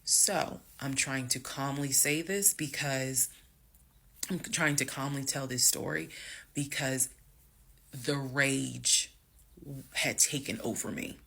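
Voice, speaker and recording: Animated gravelly woman telling a story. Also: very deep voice, slow. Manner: dramatic, animated storytelling with acted quotes. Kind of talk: storytime vlog.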